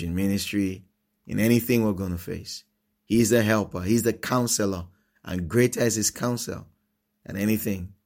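A man's voice: on the low side, darkish tone. A male pastor preaching a devotional sermon with an earnest, pleading manner, repeating short phrases like a chant.

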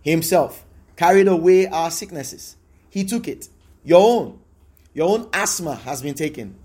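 A man's voice: on the high side, animated, a little slow, a little mellow. A man preaching a sermon as pastor, emphatic and repetitive, his voice rising into exclamations.

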